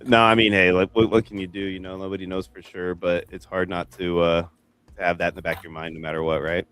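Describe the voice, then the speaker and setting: A man's voice: deep voice, flat delivery, fast talker, a bit bright, clear, resonant tone, no room sound. A man on a fantasy sports podcast, chatting casually and telling a long rambling story full of fillers. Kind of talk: casual chat.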